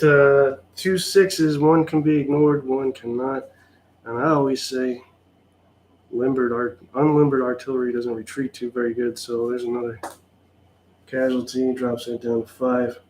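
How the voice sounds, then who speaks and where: A man talks through his solo tabletop wargame at a slow, drawn-out pace, his tone dry and sarcastic. He sounds mildly exasperated as he calls out each turn. Faint noise sits underneath his voice. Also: mid-range voice, a little mellow. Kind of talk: casual play-by-play of a tabletop game.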